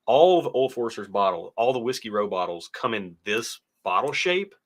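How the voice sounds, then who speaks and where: A man's voice: fairly low pitch, big pitch swings, normal speed. A young adult man co-hosting a casual whiskey livestream, reading chat aloud and rambling with easy laughs. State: stuffy nose. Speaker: co-host of a whiskey tasting livestream.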